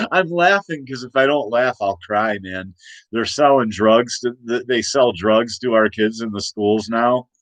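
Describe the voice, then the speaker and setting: A man hosting a late-night casual political rant. He rambles, restarts his sentences and laughs at his own points, in a mid-pitched voice. The sound is dry and close. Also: measured pace, a bit bright, dry recording. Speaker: host.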